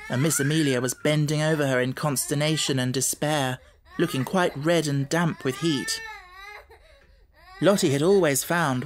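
A man reading a classic children's novel aloud as an audiobook narrator, in measured, even storytelling. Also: a little high, a little hiss or hum. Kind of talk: scripted narration.

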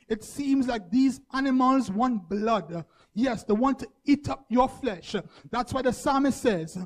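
A male preacher, delivering a sermon in repeated, rhythmic phrases that build to shouts. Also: very high voice. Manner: rhythmic repetition, rising to shouts.

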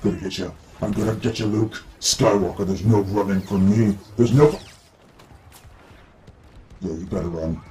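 A man voicing a petulant young male villain who plays a video game, talking in a crude, cocky way and breaking into excited yelling, as a comedic parody voice-over. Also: fairly low pitch, normal speed, pauses often, slight background noise, close to an everyday voice. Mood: cocky gamer. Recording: echoey room with faint music.

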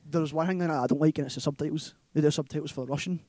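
A Scottish man chatting about films on a casual podcast, his voice a little higher than most men's and mellow rather than bright. He rambles and keeps checking in with "right?". The sound is dry and close. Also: steady tone, very fast, no room sound. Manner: rambling, laughing retelling full of "like" and "right?". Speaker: podcast co-host. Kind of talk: casual movie chat.

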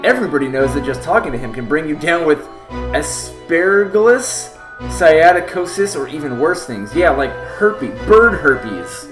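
With a slightly high voice that swings widely in pitch, a man takes his time reading game text aloud on a live stream, cracking jokes between lines and talking to chat. Faint game music sits under a roomy, echoing recording.

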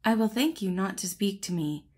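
A woman's voice: medium pitch, lively intonation, normal speed, darkish tone, breathy edge. A woman voicing a bashful, modest young female garter in a storybook, refusing in a prim, haughty way.

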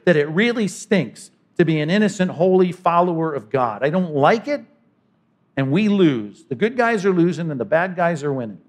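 A man delivers a sermon from the pulpit. His voice sits a little high for a man, and he moves between punchy emphasis and quiet, intimate asides. He often slips into the voices of imagined people. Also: very animated, normal speed. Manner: dynamic preaching, voices imagined speakers, sudden drops to quiet. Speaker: pastor.

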